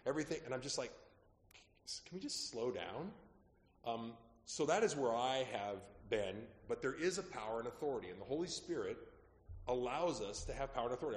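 A man preaching as a pastor, telling stories in a lively, conversational way that drops quietly at asides. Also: on the low side. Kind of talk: sermon storytelling. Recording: echoey hall with long reverb.

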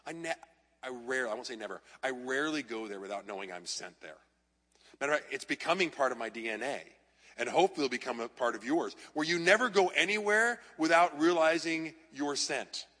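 A male pastor gives a storytelling sermon in a bright, forceful, mid-range voice at a brisk pace. He moves between lively anecdotes and gentle self-mockery, with a long reverb like a large hall.

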